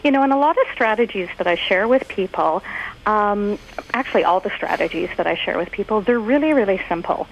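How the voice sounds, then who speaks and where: A woman who is a guest on a podcast, talking casually and telling stories in an expressive, animated way. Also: medium pitch, a little fast, dull audio, a little hiss or hum. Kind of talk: casual conversational interview.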